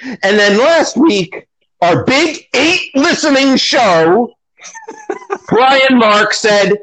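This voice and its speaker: A man's voice: very high-pitched, huge pitch swings, extremely slow, fairly bright tone, low-quality recording. A man co-hosting a podcast in casual chat, sarcastic and self-deprecating, acting out what others said. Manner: sarcastic, self-deprecating, acts out quoted voices. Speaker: podcast co-host.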